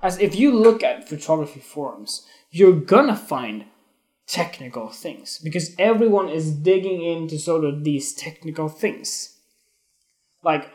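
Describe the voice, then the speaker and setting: A man's voice: fairly high pitch, lively intonation, measured pace, a little mellow. Candid, cursing man musing on photography. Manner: candid, swears freely, wanders and restarts, grows emotional. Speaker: photography podcast host. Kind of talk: casual spoken monologue on Instagram Live.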